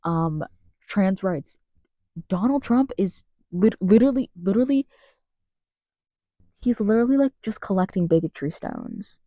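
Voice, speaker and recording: A woman's voice: medium pitch, expressive, a little slow, long pauses, dark tone, dry recording. Angry young woman ranting in a closet. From United States. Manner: angry, swearing, rambling with many restarts. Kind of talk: ranting vlog monologue.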